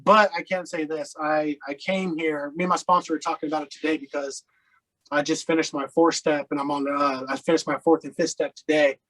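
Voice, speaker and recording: Casual interview guest: a man with a slightly high voice, rambling, filler-heavy storytelling. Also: steady tone, brisk, fairly bright tone, low-quality recording. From Colorado.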